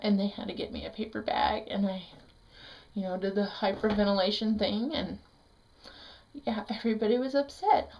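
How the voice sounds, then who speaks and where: A middle-aged woman vlogging a painful personal story, her speech halting and raw, with restarts and the odd curse. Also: mid-range voice, fairly even intonation, darkish tone, rough recording. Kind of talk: emotional personal story vlog.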